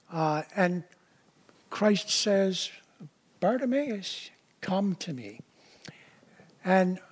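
Husky-voiced man preaching casually. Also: sits high, darkish tone. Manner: conversational, often pauses to explain verses. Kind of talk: casual sermon.

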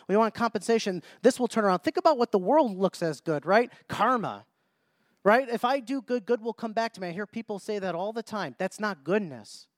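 A man with a notably high voice preaches a sermon, pressing his listeners with rhetorical questions and circling back on his own phrases. The sound is dry and close, with no room around it. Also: dry recording. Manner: rhetorical questions and frequent restarts; reads scripture in old-fashioned biblical wording.

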